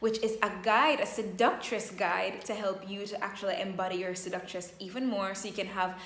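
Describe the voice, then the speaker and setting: A woman speaks as a self-empowerment coach in a vlog, leaning slowly and emphatically into each affirmation. Her voice sits in a middle range. The room around her rings with noticeable echo. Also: mid-range voice, fairly even intonation, fairly bright tone. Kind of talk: motivational vlog talk.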